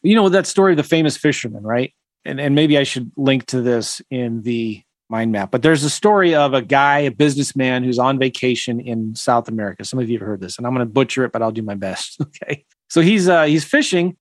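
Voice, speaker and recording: A man's voice: medium pitch, fairly quick, dry recording. Rambling man teaching, dry close sound. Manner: rambling, self-deprecating, chuckling asides. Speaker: real estate coach. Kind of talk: teaching livestream, reading a story aloud.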